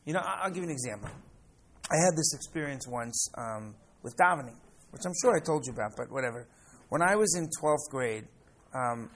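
An older man from the United States leads a class, telling stories with lots of energy and a slightly high voice. He often trips into repeated words and keeps checking in with his listeners. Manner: animated storyteller, repeats words, keeps asking "right?". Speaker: rabbi teaching a class. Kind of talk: classroom lesson with personal stories.

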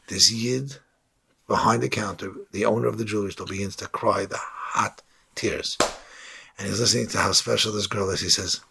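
A man's voice: fairly low pitch, fairly even intonation, normal speed, creaky, sharp tone, slightly rough. A man delivering an inspirational sermon, telling an emotional story and sprinkling in Hebrew and Yiddish terms.

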